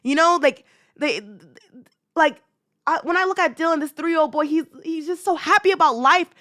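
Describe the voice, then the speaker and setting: Heated young woman ranting, high voice. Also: normal speed, a bit bright, no room sound, studio quality. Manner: heated, emphatic, repeats herself, slangy. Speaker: podcast host. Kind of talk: casual commentary.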